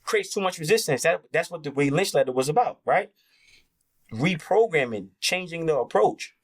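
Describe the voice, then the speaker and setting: Fired up guy on a podcast, high voice that swings all over, cussing a lot. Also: lively intonation, moderate pace, husky. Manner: impassioned, profane, acts out quoted voices. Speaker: interview guest. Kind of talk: heated candid conversation.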